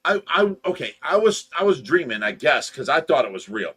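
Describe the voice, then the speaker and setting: A man's voice: fairly high pitch, big pitch swings, a little fast, a bit bright, husky. An older man hosting a livestream, chatting in a folksy, rambling way and telling stories with mock offense. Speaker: host of fish rescue livestream. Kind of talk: casual livestream chat.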